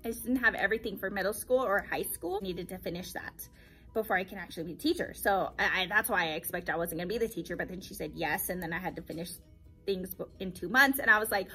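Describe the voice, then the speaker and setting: A young woman and teacher, telling her story casually in a vlog, animated and repeating phrases for emphasis. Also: mid-range voice, quick pace, breathy edge, soft background music.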